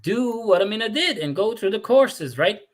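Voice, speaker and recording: A man's voice: high-pitched, big pitch swings, moderate pace, a little hiss or hum. A man with an American accent hosting a casual interview, asking questions and joking between them. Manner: chatty, joking, asks questions. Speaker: host.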